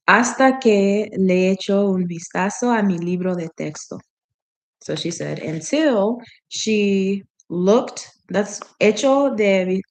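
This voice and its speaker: A woman practicing reading aloud in a language she is learning, chatting as she goes, often laughing and stopping to puzzle over words. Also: mid-range voice. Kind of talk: casual reading practice with commentary.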